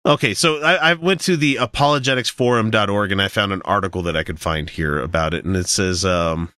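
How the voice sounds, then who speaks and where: A man's voice: fairly low pitch, brisk, few pauses, sharp tone, no room sound. A man hosting a podcast, chatting casually and sarcastically, swearing freely as he reads out a text he mocks. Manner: profane, sarcastic, reads a text aloud mockingly. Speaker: podcast host.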